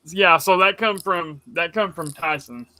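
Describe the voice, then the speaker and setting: A man co-hosting a casual podcast chat, rambling and animated as he tells stories. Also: a little high, a little slow, no echo. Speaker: podcast co-host.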